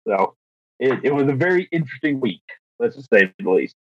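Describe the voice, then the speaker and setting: A man's voice: mid-range voice, a little fast, breathy edge, no echo. A young man, a teacher and podcast co-host, casually telling a story, acting out quotes with lots of restarts and fillers. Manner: animated, acts out quotes, frequent restarts and fillers. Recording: dry, dull lo-fi recording.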